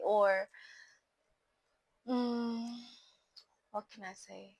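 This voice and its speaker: A woman's voice: medium pitch, animated, slow pace, long pauses, no echo, rough recording. A young woman talks casually to her viewers, chatty and playful, often talking straight to them. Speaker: vlogger. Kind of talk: casual talk to camera about boundaries.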